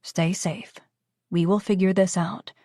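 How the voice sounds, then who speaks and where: A woman's voice: fairly low pitch, steady tone, unhurried, no echo, studio quality. A woman reading the lines of a worried male coworker in an audiobook, sounding urgent and concerned. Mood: steady. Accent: Australian, as written. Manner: urgent, then softening. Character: worried man, coworker of the heroine.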